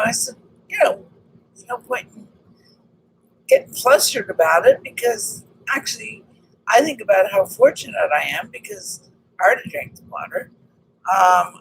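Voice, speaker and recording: Lively storytelling woman with vocal fry. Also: medium pitch, slight background noise, rough recording. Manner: animated, re-enacts conversations, frequent restarts. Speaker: vlogger telling a personal story. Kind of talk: casual storytelling monologue.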